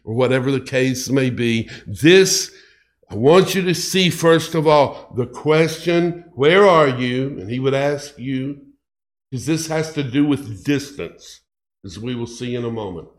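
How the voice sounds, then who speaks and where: A pastor preaching a sermon with slow, emphatic, repetitive phrasing. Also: male voice, medium pitch, lively intonation.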